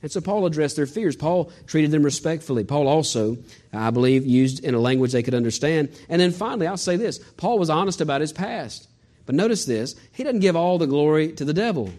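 A pastor delivers a sermon in a voice pitched a little above the usual for a man. He preaches with animation, slipping into quoted voices and restarting phrases as he goes. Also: animated, a little fast, a little mellow.

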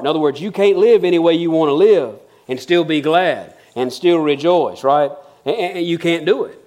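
A middle-aged pastor delivers a sermon in a folksy, storytelling way. His voice sits a little high for a man, and he grows earnest and emphatic as he preaches. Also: brisk, few pauses, darkish tone.

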